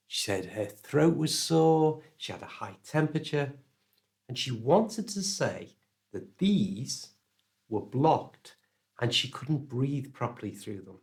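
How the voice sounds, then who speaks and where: A British-accented man teaching an English lesson, modelling each word slowly and deliberately. His pitch swings up and down with plenty of life, and his pace stays unhurried throughout. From England. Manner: slow, clear and deliberate, modelling words for repetition. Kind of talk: pronunciation lesson to camera.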